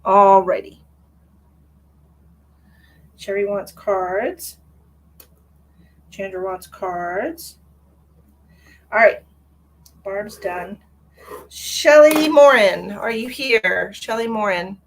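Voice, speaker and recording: A woman's voice: mid-range voice, drawn-out words, long pauses, fairly bright tone, a little hiss or hum. A woman hosting a live psychic reading stream, chatting casually with viewers and calling them by pet names.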